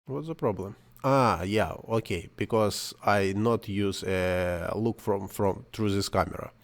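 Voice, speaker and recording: A man whose first language is not English, talking through a screen-recorded 3D software tutorial in halting English, thinking aloud and correcting himself as he goes. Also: on the low side.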